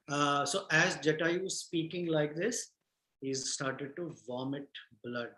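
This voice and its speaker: A man retelling a scripture story in a class, gentle and halting, with many fillers and restarts. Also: on the high side, steady tone, reverberant, rough recording. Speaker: storyteller teacher.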